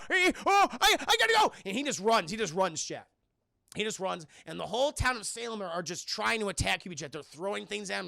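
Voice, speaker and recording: A man's voice: sits high, vocal fry, no echo, clean studio sound. A man streaming a casual film recap to his chat, cursing freely and acting out the characters' lines. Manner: animated, profane, acts out quotes, addresses chat.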